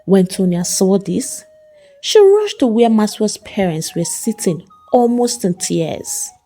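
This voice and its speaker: A woman narrating a folk tale with lively storytelling. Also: mid-range voice, slow pace, soft background music. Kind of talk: scripted narration.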